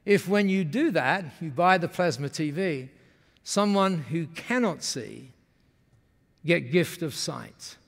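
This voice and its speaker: Guy doing a earnest young woman, halting clipped english, slow, big hall echo. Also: on the high side, expressive, gravelly, exaggerated voice. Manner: slow, simple clipped phrasing. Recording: long hall reverb.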